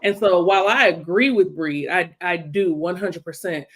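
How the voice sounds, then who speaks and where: A woman's voice: lowish voice, moderate pace. Reflective woman co-hosting a talk show. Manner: thoughtful, self-questioning. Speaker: co-host.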